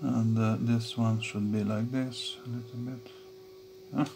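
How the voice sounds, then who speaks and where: Over a noisy background, a man with a creaky mid-range voice and little pitch movement narrates a soldering job for his electronics hobby vlog. He talks casually but haltingly, with frequent fillers and restarts, chuckling to himself.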